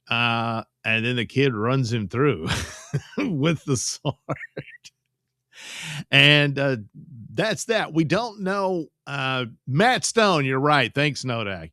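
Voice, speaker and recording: A man's voice: mid-range voice, bright, forceful tone, dry recording, studio quality. A man hosting a live stream and retelling a movie plot in a loose, rambling way, stammering and chuckling as he goes. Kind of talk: casual live-stream chat.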